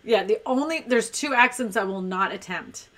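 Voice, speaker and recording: A woman's voice: on the high side, moderate pace, fairly bright tone. A woman hosting a casual live stream chat, reading viewer comments aloud and laughing often.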